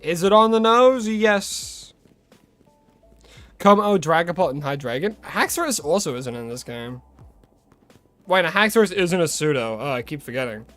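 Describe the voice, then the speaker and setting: A man's voice: a little high, animated, moderate pace, long pauses, fairly bright tone, soft background music. A young Australian man chatting casually with his viewers as a game streamer, greeting them and rambling between tips. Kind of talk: casual live-stream chat.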